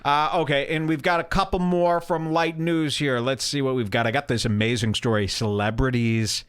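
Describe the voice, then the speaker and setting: A man hosts an internet radio show, delivering rambling, irreverent commentary full of mocking and scolding rants while he nurses a headache. His voice is medium-pitched, steady, and clean, at a moderate pace.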